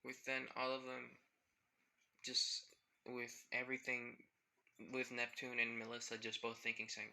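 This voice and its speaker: A man's voice: medium pitch, monotone, unhurried, vocal fry, pushed and bright. Chuckling, rambling male storyteller. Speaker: fan fiction storyteller. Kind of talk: improvised story narration.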